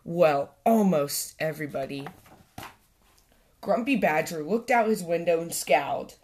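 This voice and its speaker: A woman's voice: on the low side, measured pace, darkish tone, a little hiss or hum. Woman reading a children's story aloud. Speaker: storytime host and reader.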